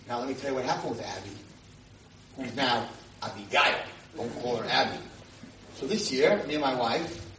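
A man teaching an audience as a rabbi, telling stories and acting out the voices of the people in them with sudden loud shouts. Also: medium pitch. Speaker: rabbi lecturer. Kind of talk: animated storytelling lecture to a live audience. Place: community hall with audience. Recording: roomy distant room mic with noise.

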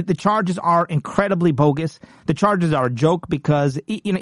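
A man's voice: a little high, dry recording, clean studio sound. A man hosting a political commentary show, talking in an emphatic, combative monologue with frequent repeats and restarts.

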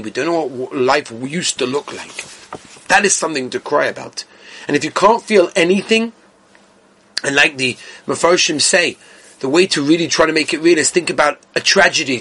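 Impassioned husky-voiced man preaching. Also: fairly bright tone. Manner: impassioned, swings from rising pleas to low somber tones. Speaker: rabbi giving a Tisha B'Av talk. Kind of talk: sermon.

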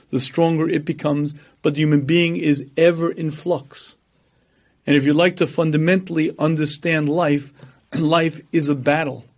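A man giving a religious lecture, telling stories and acting out other people as he goes, and clearing his throat often. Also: fairly high pitch. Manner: storytelling, animated quoting of others. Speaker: religious teacher.

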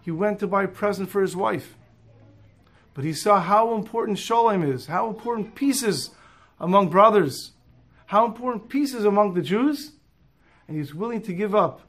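A man's voice: high-pitched, normal speed, long pauses. A man voicing a passenger who stands up and admiringly announces a good deed. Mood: declaiming. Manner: declaiming, admiring. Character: male passenger making a public announcement.

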